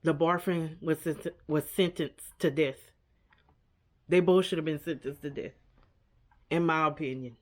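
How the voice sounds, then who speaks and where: A woman's voice: low-pitched, steady tone, a little slow, pauses often. Upset woman vlogger reacting earnestly. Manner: earnest and upset, repeats herself, fillers like "like" and "you know". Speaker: vlogger reviewing a documentary. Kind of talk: casual reaction vlog.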